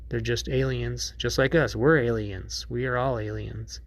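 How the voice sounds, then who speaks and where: A man's voice: mid-range voice, fairly even intonation, unhurried, dry recording. A man hosting a podcast in a casual monologue, rambling and profane, with many restarts. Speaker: podcast host.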